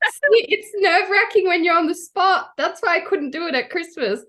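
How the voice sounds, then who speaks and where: A woman's voice: extremely high pitch, lively intonation, moderate pace, pushed and bright. A woman co-hosting a podcast in casual chat, teasing her friend and laughing often. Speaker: podcast co-host.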